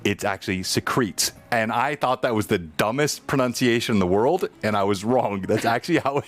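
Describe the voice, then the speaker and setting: Chatty game master man, low voice. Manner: chatty, self-deprecating word talk. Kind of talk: running a tabletop game, casual chat.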